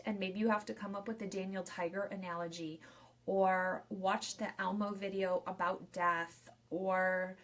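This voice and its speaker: Young woman funeral director, casual live-video advice, repeats points in loose lists. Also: medium pitch. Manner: chatty and repetitive, restating points in loose lists.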